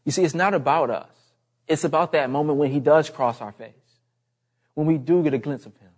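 Earnest male preacher, higher voice. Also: brisk, a little mellow. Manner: earnest, emphatic, repeats key phrases. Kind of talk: sermon.

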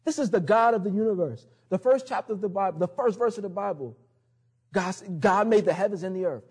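A man preaching a conversational sermon, laughing often and dropping low and soft on key words. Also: expressive, fairly quick, husky. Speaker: pastor.

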